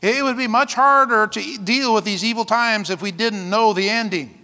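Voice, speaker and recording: A male pastor preaching a sermon in a lively way, often calling out "amen?" and laughing between points. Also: high voice, normal speed, big-room sound.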